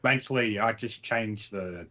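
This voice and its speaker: A man's voice: fairly low pitch, normal speed, sharp tone, lo-fi sound. A man, a regular on a talk show, chiming in in a matter-of-fact way. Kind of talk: casual call-in chat.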